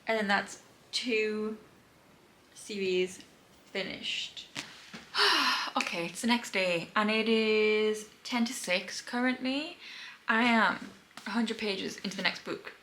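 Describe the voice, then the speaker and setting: A young woman chatting casually in a bright, crisp voice as she records a reading vlog at home. She sounds tired and laughs often as she talks. A faint hiss of room noise sits under her voice. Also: medium pitch, takes it slowly, low-quality recording. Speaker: book vlogger. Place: home indoors.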